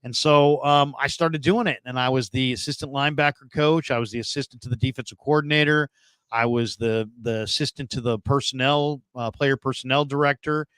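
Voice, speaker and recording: A man's voice: medium pitch, fairly even intonation, a little fast, a bit bright, clear, resonant tone, no room sound. A man in his fifties, a former scout turned radio host, telling a long story as an interview guest, rambling with many fillers and restarts.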